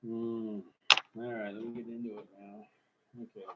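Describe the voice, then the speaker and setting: Rapper, male, husky voice, drafting verses aloud and muttering, phone-quality audio. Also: lowish voice, little pitch movement, unhurried, pauses often. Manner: mutters to himself between rapped lines. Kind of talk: writing rap lyrics aloud. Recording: tinny phone-like recording.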